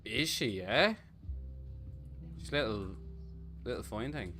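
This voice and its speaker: An Irish man streaming a game, casual and crude, cracking jokes as he plays. His delivery is animated and swings a lot in pitch. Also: takes it slowly, faint music behind. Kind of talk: live gameplay commentary.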